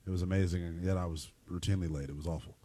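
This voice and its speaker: A man co-hosting a casual chat, animated and jokey, quick to laugh. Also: low-pitched. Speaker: podcast co-host.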